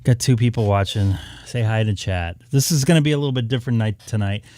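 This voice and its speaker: Rambling, mellow-voiced man thinking aloud. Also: lowish voice, fast, dry recording, studio quality. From southern California. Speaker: ham radio live streamer. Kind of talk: casual live-stream chat. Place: home room upstairs.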